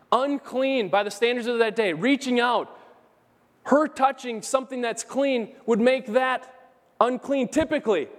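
A man pastor preaching an earnest, emphatic sermon in a church, repeating key phrases for emphasis. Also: very high voice. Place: church sanctuary. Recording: long hall reverb.

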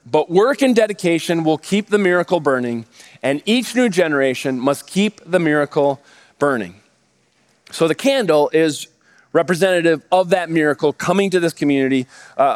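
A pastor in his thirties delivers a sermon in a fairly high voice. He keeps posing rhetorical questions and answering them himself, with plenty of energy.

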